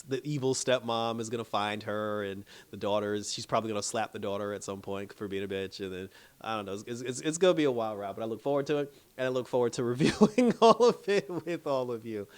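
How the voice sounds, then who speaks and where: Host, male, mid pitch, loose and chatty, laughs a lot, does little character bits mid-recap. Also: fast talker, few pauses, clean tone. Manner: chatty, laughs often, acts out characters' lines. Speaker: TV episode reviewer. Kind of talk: casual recap chat.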